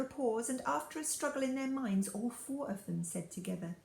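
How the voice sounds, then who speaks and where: A woman's voice: mid-range voice, normal speed, gravelly, hardly any pauses, warm tone, roomy sound, poor audio. A woman reading a children's story aloud expressively. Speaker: storybook reader.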